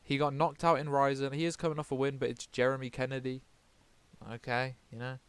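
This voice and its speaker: A man's voice: mid-range voice, level tone, brisk, clean tone, dry recording. A man from the UK giving casual fight predictions, rambling, swearing often and correcting himself as he goes. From United Kingdom. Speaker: MMA vlogger.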